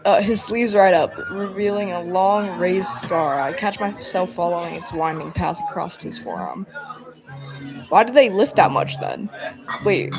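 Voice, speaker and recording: A woman's voice: on the low side, a little slow. A woman streaming a story game, reading lines aloud and breaking off into giggly, rambling, self-mocking asides. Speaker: streamer playing a visual novel. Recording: game music and crowd chatter behind.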